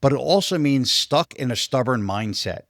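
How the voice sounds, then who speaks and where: Man, co-host, scripture explanation, steady, dry room sound. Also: medium pitch, normal speed, dry recording. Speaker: podcast co-host. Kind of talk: explaining scripture in casual discussion.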